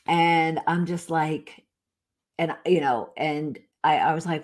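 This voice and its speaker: A woman's voice: low-pitched, normal speed. A middle-aged woman hosting a podcast, telling a personal story in a candid, rambling way with many fillers and restarts. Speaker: podcast host.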